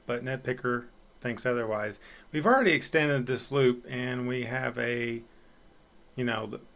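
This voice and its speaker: A man's voice: mid-range voice, a bit bright. A man hosting a city-building let's play, casual commentary with a chatty, self-deprecating way and frequent fillers.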